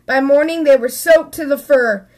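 A woman reading a children's picture book aloud, expressive, with small slips and restarts. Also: high voice, moderate pace. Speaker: storybook reader.

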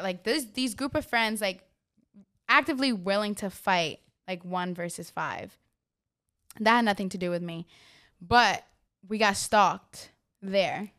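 A young woman from Florida, co-hosting a podcast and telling stories in a lively, casual way, acting out the people she quotes. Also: medium pitch. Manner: animated, acts out quoted people. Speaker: podcast co-host. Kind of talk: casual storytelling chat.

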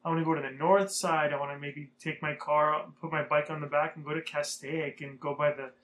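A man's voice: fairly high pitch, level tone, brisk, a bit bright, a little hiss or hum. A young man from Southern California telling a rambling, profane story in a casual vlog. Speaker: vlogger.

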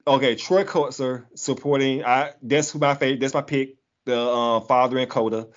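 A man's voice: mid-range voice, steady tone, moderate pace. Man hosting a lo-fi podcast. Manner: rattles off lists, chuckles easily. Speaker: podcast host. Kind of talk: casual podcast chat. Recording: dull lo-fi sound.

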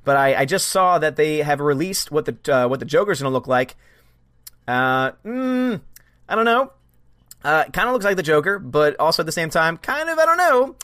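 A man's voice: on the high side, expressive, normal speed, a bit bright, no room sound, clean studio sound. A man hosting a live stream in casual chat, animatedly greeting viewers by name and answering their comments. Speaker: livestream host.

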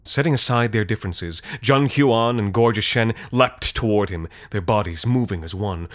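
A man narrating a scripted story in a measured, deadpan way. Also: medium pitch, no room sound, studio quality.

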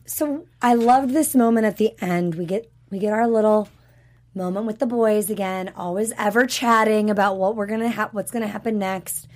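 A woman's voice: medium pitch, moderate pace. A woman hosting a casual podcast chat, upbeat and chatty with plenty of fillers. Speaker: podcast host.

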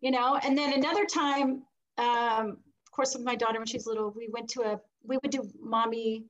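A woman's voice: on the high side, lo-fi sound. A middle-aged woman, a guest in an interview, telling a personal story with animation and acting out the voices she quotes. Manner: animated, acts out quoted voices, laughs between lines.

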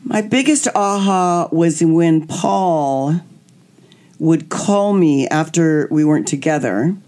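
A woman's voice: low-pitched, slow pace. A woman guest candidly telling a personal story, acting out what people said. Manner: animated, acts out quotes.

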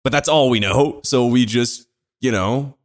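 A man's voice: medium pitch, unhurried. A young man casually telling an embarrassing story on a podcast, rambling and laughing at himself as he goes. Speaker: podcast co-host.

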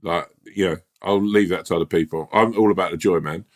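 A man's voice: sits low, steady tone, brisk. A man co-hosting a podcast, telling stories in a casual chat. He laughs often and acts out bits of dialogue. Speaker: podcast co-host.

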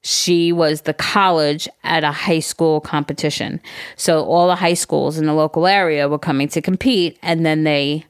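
40s woman gabbing on a podcast, kinda low voice, acts out what people said. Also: normal speed, clear, resonant tone. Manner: animated storytelling, swearing, acts out quotes. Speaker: podcast co-host. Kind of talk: casual chat.

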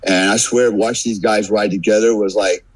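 A guest on a casual podcast, an American man spins a long, profane story with animated energy, acting out the quotes. His voice sits on the low side at a moderate pace, and the audio is poor.

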